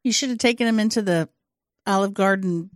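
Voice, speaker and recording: A woman co-hosting a casual chat, tossing in teasing questions and quick jokes. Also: mid-range voice, no echo, clean studio sound.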